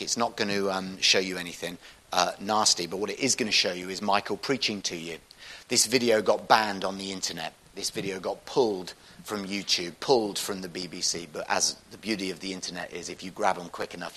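Man, very low voice, forceful edge, public slide talk, earnest, restarts often. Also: a little fast, rough recording. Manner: conversational and earnest, with frequent restarts. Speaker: speaker giving a slide presentation.

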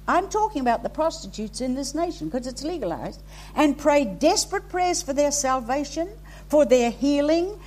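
A woman preacher delivering an impassioned sermon to a congregation, rising to emphatic peaks. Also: high-pitched. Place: hall with a congregation.

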